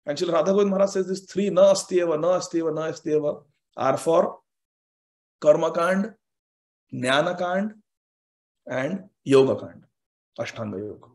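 A man with a fairly high voice teaching from scripture in an online class. He speaks emphatically and repeats phrases three times to drive a point home. Now and then he chants Sanskrit verses. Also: darkish tone.

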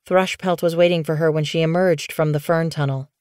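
A woman narrating an audiobook in a steady, measured storytelling voice. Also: sits low, smooth, no echo, studio quality.

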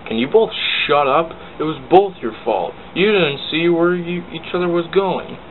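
A man's voice: medium pitch, expressive, slow pace, pitched above the performer's own voice. A man voicing a blunt little male engine who tells others off, on a tinny, hissy recording. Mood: scolding. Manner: blunt, scolding. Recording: tinny lo-fi with hiss.

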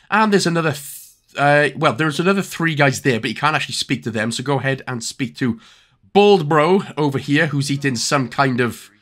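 A young man with a Welsh accent narrates a game walkthrough. His voice is bright and lively, with pitch that jumps around. He jokes and fills pauses with "um" and "uh" as he gives directions. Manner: chatty and jokey, with filler-heavy instructions. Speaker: gaming YouTuber.

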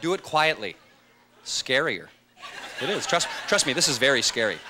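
A man performing a stand-up comedy set on stage, animated and swinging into loud high-pitched voices for his characters. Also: moderate pace. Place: comedy club stage with a live audience. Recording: live stage recording with loud audience noise.

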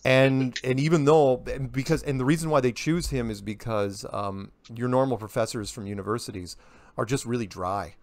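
A man giving casual, animated interview answers, full of rhetorical questions and quips. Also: mid-range voice, moderate pace, no echo. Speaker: interview guest.

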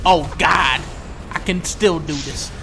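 A man giving comedic gameplay commentary, profane and mocking, dropping to low mutters and then bursting into shouts. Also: slow, loud music behind the voice.

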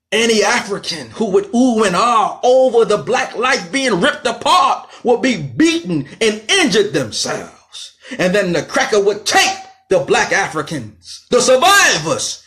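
A man's voice: lively intonation, a little slow. Fiery, emphatic man lecturing. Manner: fiery and emphatic, swinging from loud outbursts to low intensity. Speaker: radio talk show host. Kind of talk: impassioned lecture.

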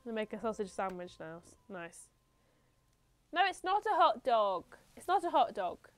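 A woman's voice: fairly high pitch, sing-song, normal speed, dry recording. A young woman streaming a video game, chatting playfully with viewers and laughing at herself.

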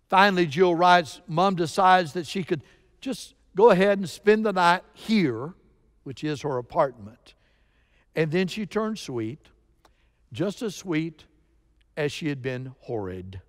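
Slow, emphatic preacher in a reverberant church. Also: male voice, fairly high pitch, animated. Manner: storytelling with sudden emphatic rises. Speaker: pastor. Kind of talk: sermon. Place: church sanctuary. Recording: long reverb of a church sanctuary.

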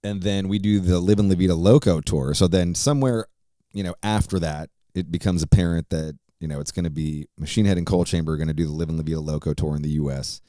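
A man's voice: sits low, fairly even intonation, fast talker, dark tone, dry recording, studio quality. A middle-aged man hosting a podcast, telling a profane, rambling story casually with lots of fillers. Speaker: podcast host.

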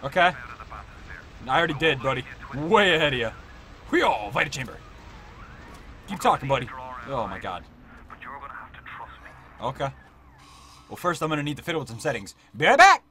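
A young man doing let's-play commentary, excitable and swearing, shouting at the game. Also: mid-range voice, normal speed, pauses often. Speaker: gaming YouTuber. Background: game sound and music.

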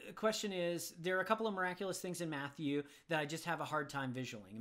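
A man's voice: mid-range voice, a bit bright. A man teaching as he answers viewer questions about the Bible, conversational and thinking aloud. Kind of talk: casual Bible Q&A.

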